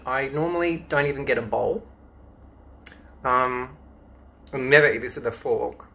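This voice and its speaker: With a bright, forceful, mid-range voice, an Australian man reads children's books aloud as a drag queen, live-streaming from home into a phone. He fills the gaps between pages with playful, campy chat.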